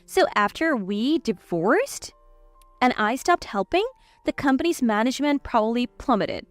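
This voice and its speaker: Woman narrator for a scripted drama story, high and animated, dry close read. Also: moderate pace, no echo, soft background music. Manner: lively, cold when retorting.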